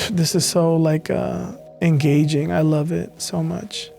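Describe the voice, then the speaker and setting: A man's voice: a little high, little pitch movement, takes it slowly, creaky, a little mellow, faint music behind. A man in casual screen-share commentary, reviewing websites as a designer, enthusiastic and rambling, often restarting his sentences. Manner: enthusiastic, rambling, self-interrupting. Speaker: web designer reviewing sites.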